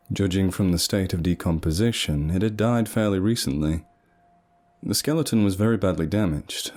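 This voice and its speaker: A man narrating a story in an animated, sardonic way. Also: fairly low pitch.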